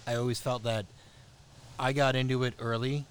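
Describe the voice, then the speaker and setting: Man co-host, mid-pitched, rambling storyteller, casual chat, faint noise behind. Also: little pitch movement, moderate pace. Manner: rambling, laughing, lots of restarts. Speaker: podcast co-host.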